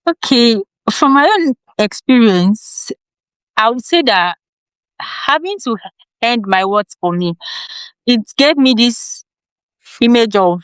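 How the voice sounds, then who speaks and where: Female guest, health educator; earnest, advising, slight repetitions; somewhat high voice, dry close mic. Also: animated, slow, long pauses, clear, resonant tone, dry recording, poor audio. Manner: earnest advice-giving, occasional sound repetitions. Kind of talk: interview answers.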